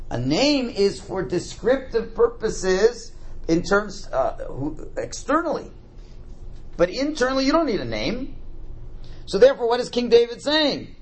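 Animated, high-voiced male religious teacher. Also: slightly rough. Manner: animated, asks and answers his own questions. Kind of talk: class on a prayer text.

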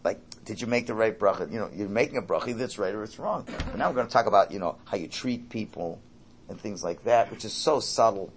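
A man's voice: fairly low pitch, fast talker, background noise. A man, a rabbi, teaching an informal Torah class in a rambling, conversational way full of asides and restarts.

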